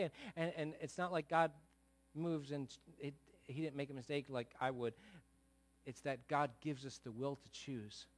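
A middle-aged male pastor preaching a sermon, earnest, swinging between loud bursts and soft, low asides. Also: fairly even intonation, normal speed.

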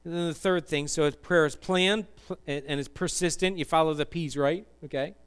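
A man's voice: a little high, brisk, few pauses, fairly bright tone, clear, resonant tone. A man preaching a sermon to a congregation, chatty and joking, then building to fervent emphasis. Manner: conversational, jokey, rising to fervent emphasis. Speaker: pastor.

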